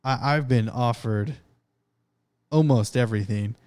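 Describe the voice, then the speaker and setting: A man's voice: mid-range voice, a little slow, clean tone. Matter-of-fact man in a podcast chat. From California. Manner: relaxed, matter-of-fact, many "I mean" fillers. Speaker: podcast co-host. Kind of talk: casual chat.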